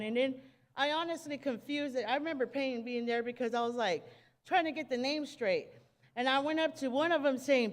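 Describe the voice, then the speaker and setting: A nervous woman giving a spoken testimony at a church service, talking in casual street slang with many halting restarts. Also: high-pitched, in a large hall.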